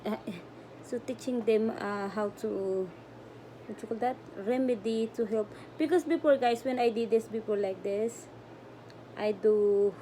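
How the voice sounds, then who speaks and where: A woman's voice: a little high, dark tone, slight background noise. A middle-aged woman, chatting to viewers about her cat at home, fond and rambling in broken English. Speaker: pet vlogger. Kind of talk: casual vlog talk to her cat and viewers.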